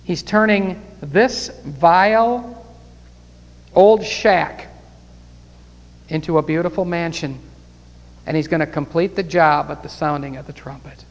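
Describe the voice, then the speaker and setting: A man's voice: a little high, slow, long pauses, big-room sound, lo-fi sound. A man preaching a Bible study sermon and leading a closing prayer, fervent and breaking into praise. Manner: fervent, rising to exclamations of praise.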